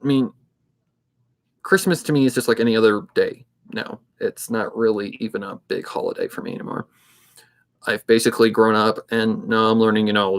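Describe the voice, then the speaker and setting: A man in his twenties who narrates fanfic readings, chatting casually on a livestream in a steady, somewhat monotone way and thinking aloud as he goes. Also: fairly low pitch. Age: 20s.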